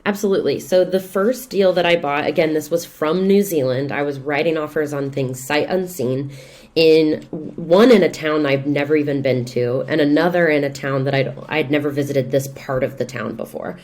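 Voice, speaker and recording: A woman, a real estate investor and coach, talking as a podcast guest in lively, expressive storytelling. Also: sits low, moderate pace. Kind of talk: casual podcast conversation.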